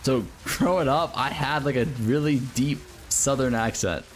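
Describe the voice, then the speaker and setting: An American man talks to his stream viewers in a rambling, unpolished way. He uses a lot of fillers, drops swear words easily, and keeps an ordinary middle pitch. A faint ambient noise sits under his voice. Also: a little slow. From United States. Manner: rambling, filler-heavy, swears and laughs often. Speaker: game streamer. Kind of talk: casual livestream chat with viewers.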